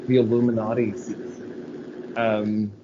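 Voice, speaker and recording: A man's voice: lowish voice, flat delivery, slow. A man co-hosting a podcast in casual chat, talking animatedly, swearing often and acting out movie scenes with laughter. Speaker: podcast co-host. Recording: slightly dull audio with faint noise.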